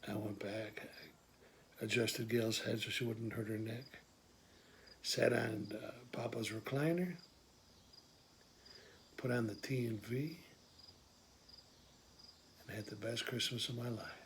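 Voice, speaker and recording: A man performing an improvised comic monologue as a swearing, streetwise family man, telling his story with quick asides. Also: medium pitch, slight background noise. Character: Pork Chop, a gruff middle-aged family man. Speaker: comedian doing an improvised monologue.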